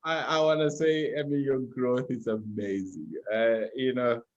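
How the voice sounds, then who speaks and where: A man's voice: medium pitch, steady tone, unhurried, highs cut off. A man hosting a podcast interview, affirming his guest and asking questions with frequent fillers. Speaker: podcast host.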